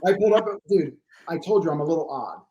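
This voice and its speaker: A man with a notably high speaking voice, from Pennsylvania, telling a lively anecdote as a podcast guest. He jokes and acts out both sides of the exchange. The voice is the main thing you hear. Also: quick pace, lo-fi sound, slight background noise. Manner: animated anecdotes, acting out dialogue, joking. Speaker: guest posture therapist. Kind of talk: storytelling in a podcast interview.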